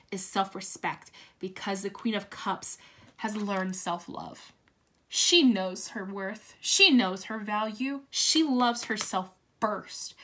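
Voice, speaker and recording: A woman giving a casual tarot reading, excitable and swearing, breaking into shrieks and laughter. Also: mid-range voice. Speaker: tarot reader.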